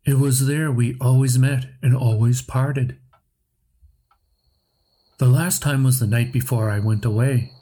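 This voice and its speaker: A man narrating a story podcast in a slow, measured scripted reading. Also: mid-range voice, fairly even intonation, mellow, breathy edge.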